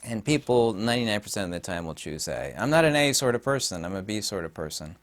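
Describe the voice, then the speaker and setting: A man talking in a casual vlog monologue, rambling and halting with many fillers, turning emphatic and mocking on his points. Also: fairly low pitch, animated. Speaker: video host.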